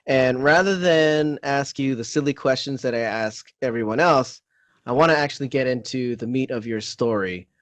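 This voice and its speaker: A man hosts a casual online interview at a mid pitch. He speaks in a friendly way but often stops and restarts his sentences. The sound is dry and close, with no room echo. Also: moderate pace. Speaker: interview host.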